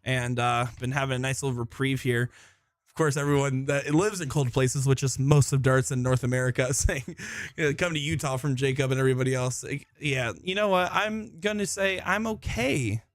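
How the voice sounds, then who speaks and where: A man's voice: medium pitch, moderate pace, dry recording, clean studio sound. Chatty man calling live darts. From Florida. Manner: chatty, joking, self-deprecating. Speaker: darts commentator. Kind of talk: live streamed commentary. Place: busy indoor tournament hall.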